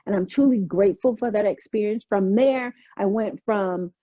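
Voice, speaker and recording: Middle-aged woman guest, emphatic testimonial storyteller, mellow higher voice, dry lo-fi call audio. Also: moderate pace, dry recording. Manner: emphatic, testimonial, animated retelling. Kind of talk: storytelling interview.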